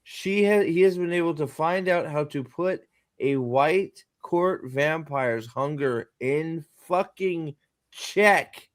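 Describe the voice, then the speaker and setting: Australian man, casual crude chat, lightly raised pitch. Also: slow pace. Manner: swearing, joking, mock-voicing characters. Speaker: podcast co-host. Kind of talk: casual crude book discussion.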